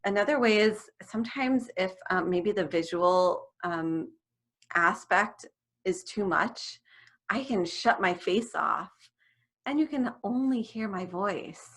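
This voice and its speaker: Woman guest, young adult, lively and laughing, video call. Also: mid-range voice, takes it slowly. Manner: animated, laughs often while talking. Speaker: music therapist guest. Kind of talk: casual interview chat.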